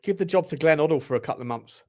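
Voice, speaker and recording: A man hosts a live football watchalong from his room at home, swearing and yelling at the players between stretches of commentary. His voice sits fairly high and swings widely in pitch. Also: expressive, rapid-fire. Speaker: football channel host.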